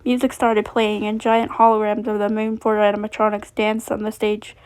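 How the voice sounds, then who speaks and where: A woman reading a fan fiction story aloud, steady, with frequent slips and restarts. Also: medium pitch, moderate pace, clean tone.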